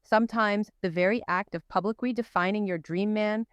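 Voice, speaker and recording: A woman's voice: medium pitch, steady tone, brisk, clear, resonant tone, dry recording. A woman hosting a commentary video, reading a scripted narration with emphatic, punchy delivery and rhetorical questions.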